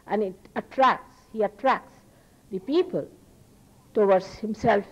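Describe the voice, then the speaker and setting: A woman's voice: medium pitch, low-quality recording. A woman with an Indian accent giving a spiritual lecture to an audience, earnest and emphatic, repeating phrases for stress. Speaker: spiritual teacher. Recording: archival talk recording.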